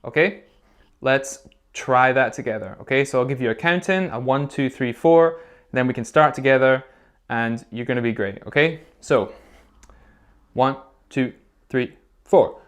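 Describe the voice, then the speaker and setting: A man at a middle pitch, teaching recorder to young children in a lesson video. He walks through each step patiently and keeps encouraging the kids. He checks in with a quick "okay?" every few phrases. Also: a bit bright. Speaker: music teacher.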